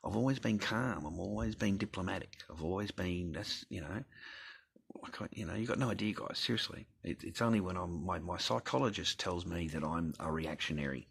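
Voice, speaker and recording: A man's voice: deep voice, brisk, gravelly, fairly bright tone, slight background noise. An Australian man telling a personal story in a blunt, rambling rant full of swearing. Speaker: vlogger.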